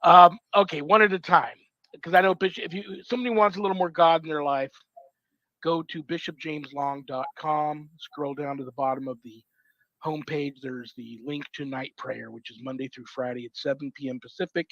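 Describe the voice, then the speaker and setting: Fairly high and bright, with a forceful tone and fairly even intonation, a male talk show host speaks a little quickly as he bids his guests fond, effusive goodbyes one at a time. The lo-fi recording sounds dull but has no room sound.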